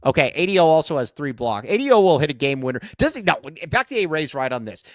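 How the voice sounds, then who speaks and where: A man's voice: a little high, quick pace, no room sound, studio quality. A man hosting a sports podcast, chatting casually and joking, rambling with lots of fillers. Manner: animated, jokey, rambling with many fillers. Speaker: podcast host.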